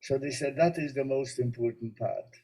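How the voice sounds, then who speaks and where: Mellow-voiced man giving a spiritual talk. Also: medium pitch, normal speed, husky, low-quality recording. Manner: storytelling, gently humorous, warmly explanatory. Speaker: rabbi.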